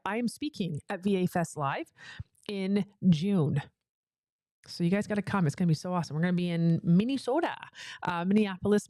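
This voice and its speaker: A woman coaching entrepreneurs in a motivational livestream talk, leaning on emphatic repeated phrases between chatty asides. Her voice sits at an ordinary middle pitch. It is recorded close on the microphone in a dry, dead space. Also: a little mellow, dry recording. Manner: emphatic, repetitive motivational cadence. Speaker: business coach for female entrepreneurs.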